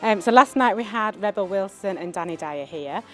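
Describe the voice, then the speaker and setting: A woman's voice: medium pitch, expressive, normal speed, over music. A woman who runs a local shop, cheerfully telling a reporter what happened, with some ums. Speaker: local shop owner interviewed.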